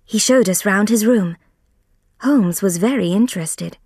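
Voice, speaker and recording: A woman reading a graded story aloud for English learners, careful and deliberate. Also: medium pitch, darkish tone, slightly rough, no echo, clean studio sound.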